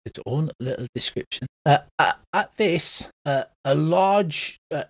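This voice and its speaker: A man's voice: fairly high pitch, animated, measured pace. A man as game master narrating a tabletop game in a casual, self-mocking way. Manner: casual, self-mocking about his accents.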